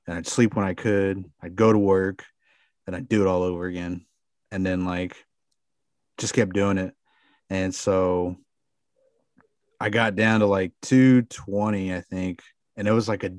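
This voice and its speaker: A man's voice: low voice, steady tone, measured pace, long pauses, darkish tone, dry recording, clean studio sound. A man talking as a podcast guest, telling a rambling story full of fillers and the odd swear word. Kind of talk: casual storytelling.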